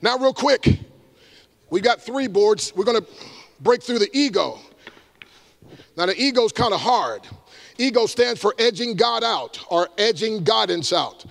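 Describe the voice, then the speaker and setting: A man, an evangelist giving an energetic motivational talk to a live audience, with shouted call-and-response. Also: sits high, a little slow, vocal fry, long pauses. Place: large room before a live audience.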